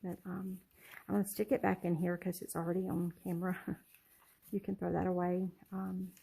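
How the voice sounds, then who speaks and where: A middle-aged woman casually showing her handmade journals in a vlog, soft-spoken and rambling, with lots of ums and self-corrections. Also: lowish voice, level tone, normal speed, creaky, breathy edge, low-quality recording. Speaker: junk journal crafter showing her work. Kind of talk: casual show-and-tell vlog.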